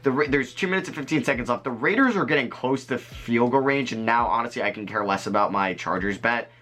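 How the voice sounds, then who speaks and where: A man giving casual, chatty gameplay commentary to his viewers, rambling and easily excited. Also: medium pitch, fast. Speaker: gaming video creator.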